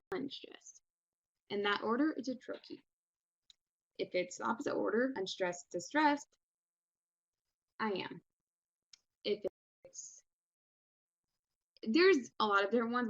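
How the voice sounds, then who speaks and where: A woman's voice: mid-range voice, normal speed, pauses often, no room sound, highs cut off. A woman teacher giving a recorded online lesson in a casual, encouraging way with many fillers.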